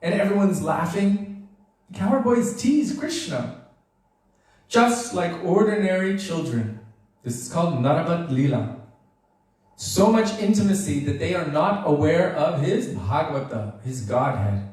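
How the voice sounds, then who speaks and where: A man giving a devotional storytelling lecture, animated and acting out the characters as he goes. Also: fairly high pitch, unhurried. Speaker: devotional speaker. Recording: very echoey room, voice far from mic.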